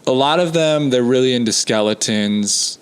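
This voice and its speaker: A man with a baritone voice in a casual podcast conversation, asking curious questions in a laid-back, joking way. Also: normal speed, clear, resonant tone.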